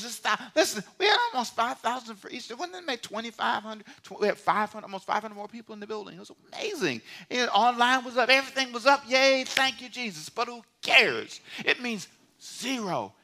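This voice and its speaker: A man preaching a sermon in a church, animated and conversational, swinging from loud outbursts to hushed asides. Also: extremely high pitch, fairly quick. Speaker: pastor. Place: church sanctuary.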